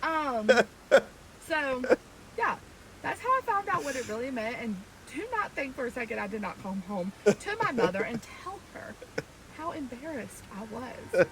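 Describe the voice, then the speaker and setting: Chatty woman telling a story, higher voice. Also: sing-song, normal speed, crowd noise, low-quality recording. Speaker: storyteller in a played clip. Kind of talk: casual anecdote.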